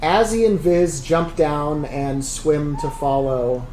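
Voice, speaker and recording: A game master narrating a tabletop game in a relaxed, hesitant way with many fillers, recorded in an echoey room with faint noise. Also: medium pitch, slow pace.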